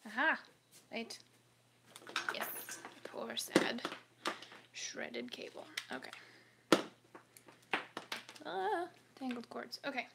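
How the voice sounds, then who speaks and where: A woman's voice: fairly high pitch, lively intonation, very slow, gravelly, pauses often, heavy background noise. A woman chatting casually on a sewing livestream at home, often dropping into whispers as she works. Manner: muttering, often whispering to herself. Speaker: sewing vlogger.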